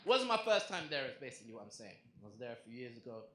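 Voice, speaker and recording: A young man performing a stand-up comedy set on a club stage, telling a story in an animated way and acting out the other people's lines. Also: mid-range voice, racing, heavy background noise. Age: young adult. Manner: animated storytelling with acted-out quotes. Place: comedy club stage before a live audience. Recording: roomy live club recording. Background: audience laughter.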